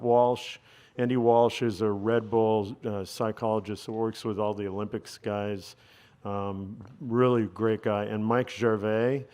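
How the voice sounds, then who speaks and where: A man's voice: on the low side, a little mellow, smooth. A man as an interview guest, telling a long story and acting out the dialogue in it. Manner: conversational, acts out quoted dialogue.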